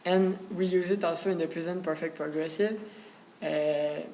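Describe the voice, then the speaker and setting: A young man student presenting a grammar lesson, hesitant and pausing often on filler sounds. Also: fairly high pitch, steady tone, darkish tone, a little hiss or hum, poor audio.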